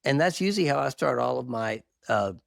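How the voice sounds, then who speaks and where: Animated gravelly middle-aged man. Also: medium pitch, fairly quick, dry recording, studio quality. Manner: animated, earnest testimony with self-deprecating laughs. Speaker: marriage therapist guest. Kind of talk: candid storytelling interview.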